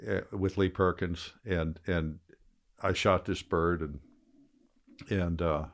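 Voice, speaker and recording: An older man, a former fishing guide, telling a lively story in casual conversation and shouting out the quoted lines. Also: low voice, slow.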